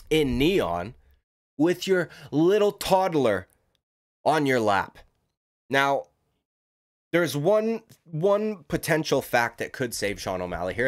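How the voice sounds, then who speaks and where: A man giving casual, profane, rambling commentary as a YouTube commentator, talking emphatically. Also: medium pitch.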